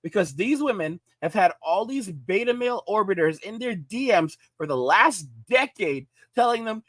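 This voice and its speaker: A man's voice: high voice, expressive, moderate pace, hardly any pauses, a bit bright, dry recording. A man from New York giving emphatic reaction commentary, often checking in with his listeners. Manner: emphatic, repeats "all right?".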